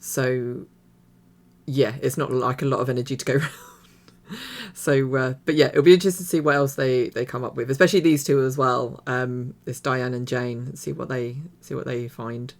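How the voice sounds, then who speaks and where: A woman's voice: very deep voice, fairly even intonation, normal speed. A woman hosting a reaction video, chatting casually and rambling with many fillers and restarts. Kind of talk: casual commentary.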